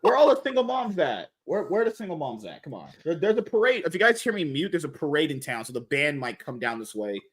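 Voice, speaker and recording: A man's voice: fairly high pitch, very animated, fast, hardly any pauses, breathy edge. A man hosting a podcast stream, joking crudely and laughing a lot with friends. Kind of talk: crude casual banter.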